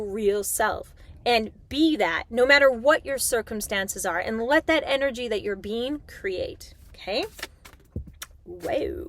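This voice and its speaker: A middle-aged woman giving an animated, chatty spiritual talk as a tarot reader, swearing casually as she addresses her viewers. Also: mid-range voice, dry recording.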